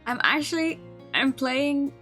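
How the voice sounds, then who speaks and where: A woman's voice: sits high, unhurried, sharp tone, faint music behind. A young woman streamer who reads a visual novel aloud, with rambling, stammering asides in between.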